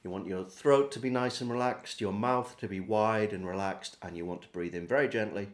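A man giving a relaxed, step-by-step beginner harmonica lesson. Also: on the low side, brisk. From England. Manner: friendly, relaxed step-by-step demonstrating. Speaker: harmonica teacher. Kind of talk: casual video lesson.

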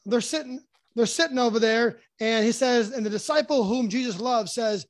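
Guy with a really high voice walking thru a bible story, stops and restarts a lot, dry close sound. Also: no room sound. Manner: halting, many restarts and fillers, earnest. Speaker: podcast guest. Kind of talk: casual Bible teaching.

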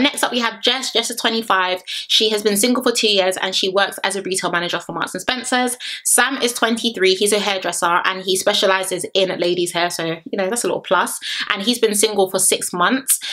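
Animated, playful woman vlogger. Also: medium pitch. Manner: animated, playful, sings and drawls words for effect. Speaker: YouTuber reviewing a reality show. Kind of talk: casual chatty review.

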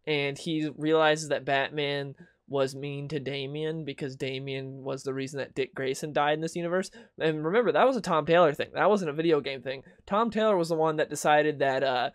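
A man's voice: on the high side, fairly even intonation, normal speed, clear, resonant tone, no echo, clean studio sound. A young man hosting a comic book video, ranting casually and sarcastically with mocking quoted voices. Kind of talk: casual opinion commentary.

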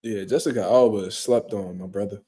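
Laid-back profane man with a mellow voice. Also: lowish voice, brisk, husky. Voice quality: profane, laid-back slang-heavy talk. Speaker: livestream host. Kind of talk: casual livestream chat reading comments. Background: quiet room at home.

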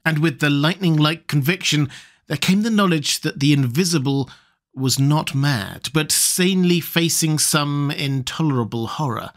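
A man reading a horror short story aloud in a measured, steady storytelling voice. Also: a little high. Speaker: audiobook narrator. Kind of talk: scripted narration of a horror story.

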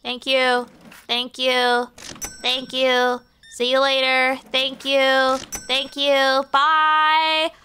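A woman's voice: sits high, completely flat delivery, very slow, pushed and bright, a little hiss or hum. A young woman streaming a game, chatting playfully and crudely as she greets and teases the customers. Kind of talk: live game-stream commentary.

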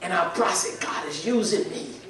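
A high-pitched male pastor preaching in a big echoing sanctuary, heard from some distance off the mic. He swings from hushed pleading to shouted prayer. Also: moderate pace. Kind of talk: sermon. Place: church sanctuary. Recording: echoey church hall, mic at a distance.

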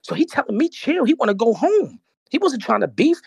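A man with a New York accent telling a story on a podcast as a guest, animated and streetwise, often repeating himself. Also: very high-pitched, a little fast, gravelly, breathy edge, dry recording, studio quality. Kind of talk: casual storytelling.

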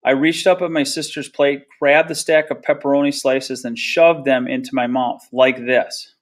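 A man reading a novel aloud chapter by chapter. His storytelling is steady and plain, pitched in an ordinary middle range. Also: moderate pace. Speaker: reader.

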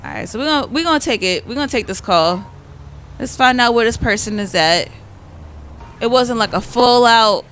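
A woman's voice: a little high, animated, moderate pace, fairly bright tone, a little hiss or hum. A young woman giving casual, chatty commentary as she plays a video game, exclaiming and talking straight to her viewers. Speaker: gaming YouTuber.

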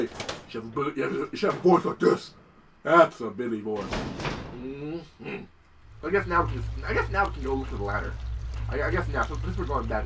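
A man giving casual let's-play commentary, excitable, swearing often and talking to the game characters. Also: fairly high pitch, far from the mic, noisy background. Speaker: gameplay commentator.

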